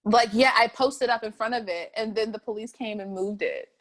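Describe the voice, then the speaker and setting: A young woman, telling her story in an oral history interview, animated and often laughing, her voice catching with emotion. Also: fairly high pitch, moderate pace. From North Carolina, USA. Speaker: interviewee, street artist.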